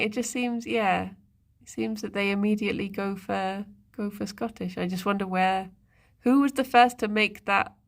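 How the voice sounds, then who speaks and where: A woman streamer in casual live-stream chat, musing aloud and talking to her viewers and pets. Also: mid-range voice. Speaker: livestreamer.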